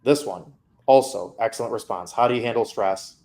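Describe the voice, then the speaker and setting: A man's voice: mid-range voice, brisk, a little mellow. A man coaching a student through feedback on her mock interview, candid and casual.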